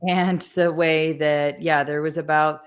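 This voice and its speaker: A woman's voice: sits low, flat delivery, a little slow. A woman hosting a podcast, sharing a personal story in an earnest, emotional way. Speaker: podcast host. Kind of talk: conversational interview.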